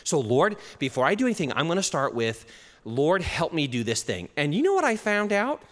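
A man preaching a sermon as pastor, animated, with chuckles and shifts in pace. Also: on the high side, a little fast. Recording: long reverb of a hall.

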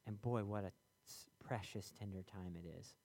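A man's voice: on the low side, steady tone, normal speed, dark tone. A man preaching a sermon in a conversational way, with many fillers, acting out the voices in his stories.

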